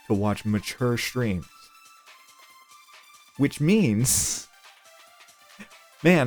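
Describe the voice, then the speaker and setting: A young man chats casually on a live stream. He rambles, swears freely and laughs often, and his pitch swings widely. Faint music plays behind him. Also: darkish tone.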